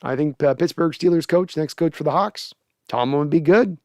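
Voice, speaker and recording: This man hosts a sports podcast, chatting casually, laughing often and reading viewer comments aloud. His pitch is fairly high, his pace moderate and his tone a little mellow. The recording is studio quality with no room sound.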